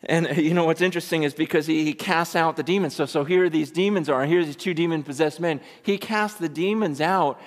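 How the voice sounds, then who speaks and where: A man's voice: fairly high pitch, a little fast, few pauses. A man preaching a sermon in a church, emphatic and full of rhetorical questions to his congregation. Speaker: pastor. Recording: echoey hall, preached live.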